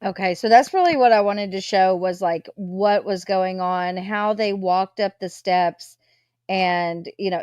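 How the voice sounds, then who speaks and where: Woman, mid-pitched voice, dry close sound, chatty stream host. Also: a little mellow, clear, resonant tone, no room sound. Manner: chatty, talks to her viewers. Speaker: livestream host. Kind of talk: casual live chat.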